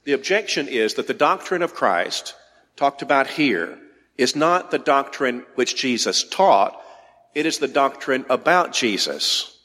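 A man's voice: mid-range voice, lively intonation, unhurried, fairly bright tone. A male preacher delivers a sermon in an emphatic, insistent way, circling back to key words to drive them home. His voice sits in a middle register. It carries a long reverb, as if recorded in a large hall.

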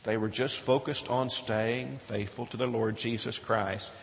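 A man's voice: medium pitch, fairly even intonation, measured pace, creaky, a little hiss or hum. A man preaching a sermon, earnest and emphatic, often asking his listeners questions. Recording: reverberant hall.

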